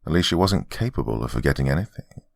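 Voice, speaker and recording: A male horror podcast host reading a scripted tale in a measured, dry storytelling manner. His voice sits extremely low with heavy fry, yet moves lively up and down. The sound is close and dead, with no room around it. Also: dry recording.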